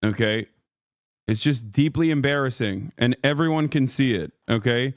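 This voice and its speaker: A man's voice: mid-range voice, moderate pace, no room sound, clean studio sound. A man in his thirties streaming, ranting angrily and profanely about another creator, often tagging his points with "okay?". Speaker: streamer reacting to a video. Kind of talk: angry live-stream rant.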